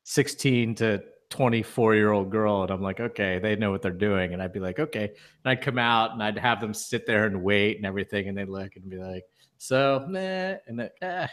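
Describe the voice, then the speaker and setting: A man's voice: on the low side, a little fast, few pauses, fairly bright tone. A man co-hosting a podcast, chatting casually in a wry, self-deprecating way. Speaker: podcast co-host. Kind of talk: casual chat.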